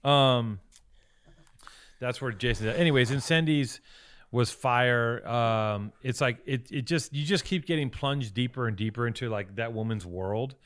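A man co-hosting a podcast, giving a rambling, profane and excited recap of a movie in casual chat. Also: medium pitch, unhurried. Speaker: podcast co-host.

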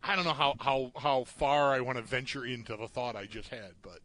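A man's voice: mid-range voice, a little fast, fairly bright tone, no room sound. A man co-hosting a sports talk show, chatting casually, often restarting and trailing off as he acts out what players might say. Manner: hesitant, trailing off, acts out quotes. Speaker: sports podcast co-host.

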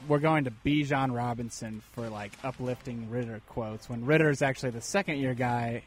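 A man's voice: mid-range voice, moderate pace, soft background music. A man co-hosting a sports talk show in a laid-back, dry way. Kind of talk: casual sports banter.

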